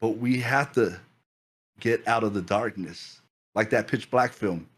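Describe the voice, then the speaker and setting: A man preaching a fervent sermon as pastor, repeating phrases and building excitement. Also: fairly low pitch, measured pace, breathy edge.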